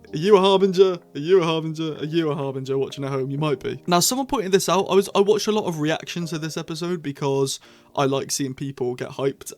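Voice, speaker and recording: A man chatting excitedly as he reviews episodes of a TV series, full of quick asides. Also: mid-range voice. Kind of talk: casual review monologue.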